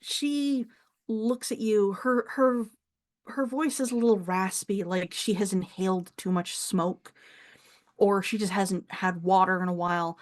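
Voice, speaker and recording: A woman's voice: medium pitch, steady tone, a little slow. A woman narrating as game master of a tabletop game in a casual, chatty way. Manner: casual, chatty, laughs between descriptions.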